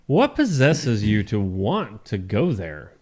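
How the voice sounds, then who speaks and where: A man's voice: on the low side, wildly swooping pitch, slow, a little mellow. A man co-hosting a morning radio show, reading out celebrity birthdays in an easygoing, chuckling manner. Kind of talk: casual morning show banter.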